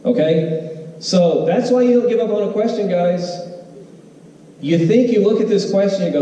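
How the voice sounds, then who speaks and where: A man teaching an exam review to a room of students, animated, with sing-song emphasis and questions thrown to the audience. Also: sits high, moderate pace. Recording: roomy hall, voice from far off.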